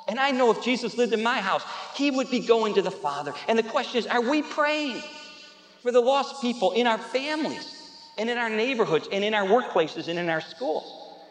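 A pastor preaching a sermon, telling stories with emphatic repetition that builds to loud peaks. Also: male voice, very high voice, expressive, normal speed. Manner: storytelling, with laughs and asides to the audience. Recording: echoey hall with long reverb.

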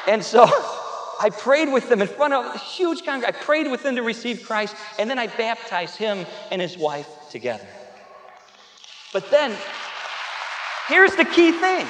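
A pastor preaching a sermon, telling stories with emphatic repetition that builds to loud peaks. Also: male voice, sits high, expressive, moderate pace, some chatter behind, slight background noise. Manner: storytelling, with laughs and asides to the audience. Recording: echoey hall with long reverb.

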